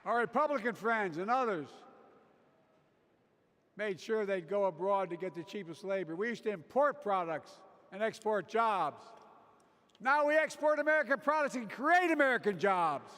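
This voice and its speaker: A man's voice: animated, moderate pace, pushed and bright. A man delivering a convention speech with emphatic, rallying oratory. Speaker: politician giving a speech. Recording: booming hall reverb, faint noise.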